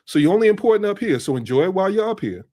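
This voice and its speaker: Fast-talking blunt middle-aged man. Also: high voice, big pitch swings, darkish tone. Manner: blunt street-wise storytelling. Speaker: podcast guest, business strategist. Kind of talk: casual podcast conversation.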